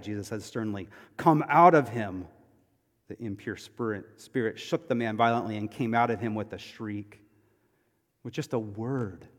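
A male pastor delivering a sermon, emphatic, moving between loud declarations and hushed, quiet passages. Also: fairly high pitch. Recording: long hall reverb.

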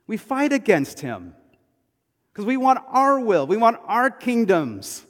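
A male pastor delivering a sermon, emphatic, moving between loud declarations and hushed, quiet passages. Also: sits high, wildly swooping pitch, slow. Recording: long hall reverb.

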